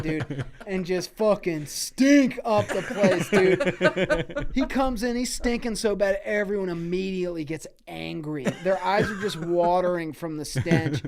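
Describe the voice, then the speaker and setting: A young man co-hosting a podcast, improvising a comic story in laid-back, profane slang. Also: a little high. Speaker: podcast co-host.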